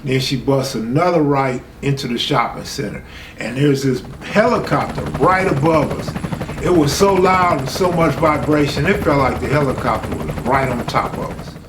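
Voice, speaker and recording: This man speaks at a medium pitch and a normal speed. He's hosting a stream and telling a true story in casual, profane street talk, getting louder whenever he quotes someone. The room is echoey, with a faint hum in the background.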